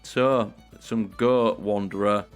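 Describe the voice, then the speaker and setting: A man hosts a strategy game playthrough with playful, theatrical role-play commentary, talking straight to his viewers. His voice sits on the low side. Faint guitar music plays behind him. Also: fairly even intonation, slow. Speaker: gaming YouTuber.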